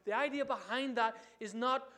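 High-voiced animated male preacher. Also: normal speed. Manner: animated, asks the congregation questions. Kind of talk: sermon.

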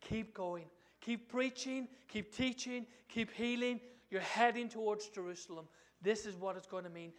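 A man voicing the heavenly Father, urging his son on in a low, quiet, steady way. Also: moderate pace, few pauses, close to an everyday voice.

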